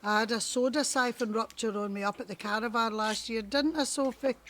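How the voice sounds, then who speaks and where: A woman's voice: a little high, steady tone, brisk, background noise, lightly acted. An actress playing a melodramatic middle-aged neighbour who dwells on her ailments. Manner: self-pitying, theatrical.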